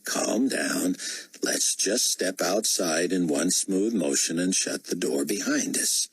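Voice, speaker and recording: A man voicing a tense woman talking herself calm in a hushed voice. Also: deep voice, takes it slowly, breathy edge, dry recording, full character voice. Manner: hushed self-talk.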